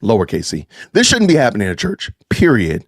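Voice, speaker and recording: Animated man ranting on a podcast. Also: fairly low pitch, a little fast, husky, no room sound, clean studio sound. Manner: emphatic, animated, repeats points for stress. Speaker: podcast host. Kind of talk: livestream commentary reacting to clips.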